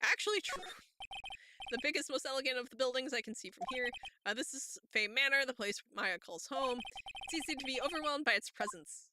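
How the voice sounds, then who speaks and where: A woman's voice: high-pitched, animated, brisk, noisy background. A woman reading a game aloud, voicing a young male lawyer's dry, wry inner monologue in her own voice. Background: game music.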